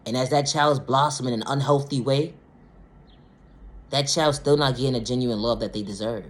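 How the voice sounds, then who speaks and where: A woman vlogger delivering a blunt, profane monologue rant, swinging between low, quiet stretches and loud, high outbursts. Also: normal speed. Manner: blunt, profane, repeats "ma'am, sir" and "respectfully".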